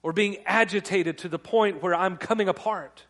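Man preaching in a higher register. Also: normal speed, a bit bright. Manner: conversational preaching with repeated restarts. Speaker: pastor. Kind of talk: sermon.

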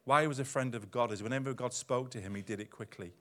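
A man preaching a sermon as pastor to his church, animated, swinging from loud emphatic lines down to quiet asides. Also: mid-range voice, fast. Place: church hall.

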